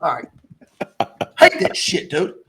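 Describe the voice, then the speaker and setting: A young man who is a podcast guest, telling stories in a blunt, profane, animated way in casual chat. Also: slow pace, over a noisy crowd. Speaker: podcast guest, window tinter.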